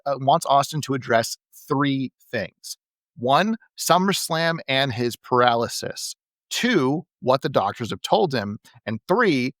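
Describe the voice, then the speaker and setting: A man's voice: medium pitch, fairly bright tone, no echo, studio quality. A man co-hosting a podcast, recapping an old wrestling show in a casual, amused way and laughing between points. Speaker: podcast co-host.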